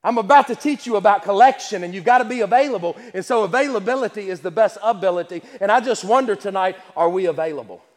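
A man with a high voice preaches a sermon. He repeats his key phrases in a rhythmic, rising way and reads old-style scripture aloud. His voice rings with the long echo of a church hall. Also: quick pace, hardly any pauses.

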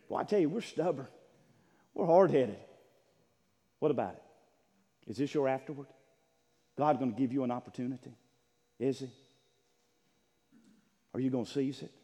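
A male pastor preaching a sermon in a church, swinging from loud impassioned calls to hushed pleading. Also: medium pitch, lively intonation, fairly quick, pauses often, slightly rough. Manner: impassioned preaching, voices God's words, swings from shouting to hushed. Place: church sanctuary. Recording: long echo of a large hall.

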